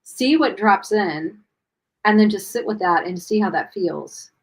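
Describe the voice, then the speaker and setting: Woman host, casual and rambling, mid pitch, at home. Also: expressive, a little slow, breathy edge, rough recording. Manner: chatty, rambling, many fillers and restarts. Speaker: podcast host. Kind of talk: casual chat. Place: at home with her cats.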